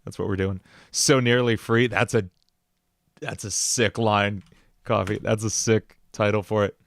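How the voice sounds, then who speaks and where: A man's voice: lowish voice, little pitch movement, unhurried, vocal fry, no echo, clean studio sound. Rambling man hosting a music livestream. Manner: rambling, filler-heavy, laughs easily. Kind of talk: casual livestream chat.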